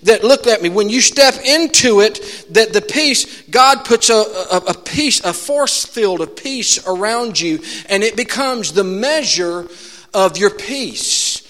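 A man preaching a sermon to a church, animated, shifting from loud exclamations to hushed asides. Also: high-pitched, slow pace, big-room sound. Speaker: pastor.

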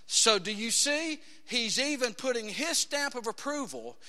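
Preacher, male, high bright voice, emphatic sermon delivery, church reverb. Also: big pitch swings, measured pace. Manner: emphatic, rising to shouts, quotes scripture in acted voices. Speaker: pastor. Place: church sanctuary. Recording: long hall reverb.

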